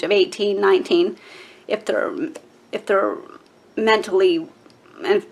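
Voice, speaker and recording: A woman in her forties speaks to camera about her own life, talking candidly and casually. Her voice is tearful and emotional, with fillers and restarts in her speech. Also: medium pitch. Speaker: vlogger. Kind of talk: personal storytelling to camera.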